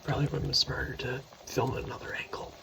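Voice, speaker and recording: A man's voice: medium pitch, level tone, fast talker, vocal fry, background noise. A man hosting a casual cooking video in his home kitchen, rambling, correcting himself often and sometimes dropping to a whisper. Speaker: cooking channel host. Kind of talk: casual cooking ASMR chat.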